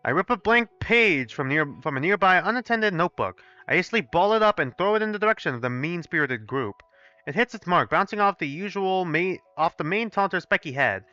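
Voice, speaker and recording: Animated, profane young man streaming a game. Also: sits high, a little fast, no echo, dull audio, faint music behind. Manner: animated, profane, talks to chat. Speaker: gaming streamer. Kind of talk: live let's play, reading aloud and commenting.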